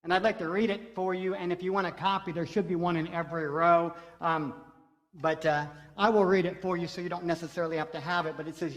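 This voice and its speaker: A male pastor delivers an earnest sermon, building his points through rhythmic repetition. His voice sits a little high for a man and rings out through a church sanctuary with a long, trailing reverb. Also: steady tone, quick pace. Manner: earnest, rhythmic preaching with repeated lines.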